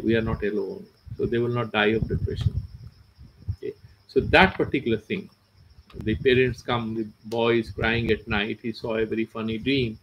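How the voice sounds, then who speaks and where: A man's voice: fairly low pitch, slight background noise, poor audio. A man with an Indian English accent teaching philosophy, explaining verses with everyday examples and mixing in Sanskrit and Hindi. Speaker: Vedanta teacher. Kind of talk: philosophy lecture.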